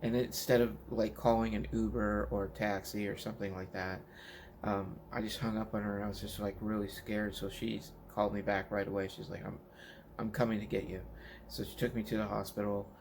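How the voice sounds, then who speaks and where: A man from Washington State telling his personal story in a vlog, halting with many fillers and restarts, at home in his living room. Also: on the low side, little pitch movement, creaky, darkish tone, a little hiss or hum. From Washington State, United States. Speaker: vlogger.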